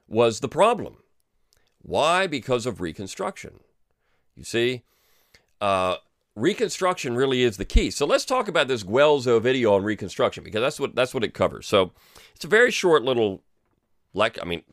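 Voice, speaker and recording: A man's voice: medium pitch, no echo, clean studio sound. A man hosting a history podcast, giving opinionated, sarcastic commentary with many fillers and restarts. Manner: sarcastic, lively emphasis, frequent fillers and restarts. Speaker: podcast host and history teacher. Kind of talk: opinionated commentary reading a script aloud.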